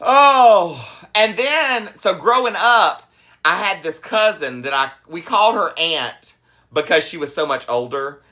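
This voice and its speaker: Sassy southern guy telling stories on a cooking live, bright lively voice, slow and dramatic. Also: sits high. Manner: sassy, dramatic, laughs often. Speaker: host. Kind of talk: storytelling during a live cooking stream. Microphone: phone or camera mic while cooking.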